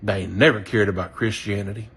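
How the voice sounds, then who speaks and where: A man from the Southern US rants with anger about his views as a voter, speaking quickly in a lowish, husky, fairly bright voice with fairly even intonation. He curses often, at times excusing his language.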